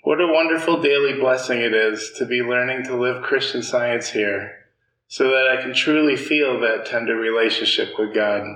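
A man hosting a church meeting, reading a testimony in a steady, measured way. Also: medium pitch. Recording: roomy sound with faint noise.

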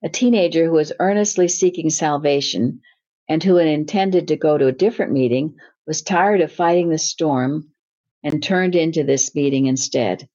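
A woman's voice: sits low, normal speed, dark tone. A woman giving an earnest, informal Bible teaching, often restarting her words. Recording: slightly dull lo-fi recording.

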